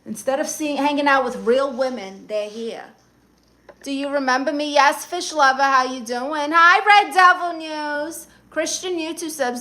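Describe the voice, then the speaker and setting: A woman's voice: high-pitched, a little slow, sharp tone. A woman hosting a live stream, reading viewers' comments aloud and answering them in a sassy, blunt, teasing way.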